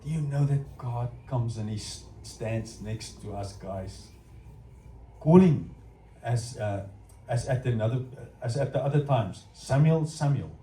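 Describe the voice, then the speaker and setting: A middle-aged man with a South African accent preaching a sermon, telling stories in an animated way and talking straight to the congregation. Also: mid-range voice, measured pace, a little hiss or hum. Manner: animated storytelling, addressing the congregation directly. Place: church hall. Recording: echoey hall from far off.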